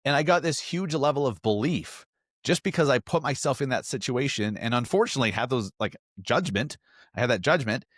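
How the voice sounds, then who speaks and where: A man from around Salt Lake, US, hosts his own podcast, speaking earnestly and emphatically and often starting over. The medium-pitched voice comes through at studio quality, free of echo.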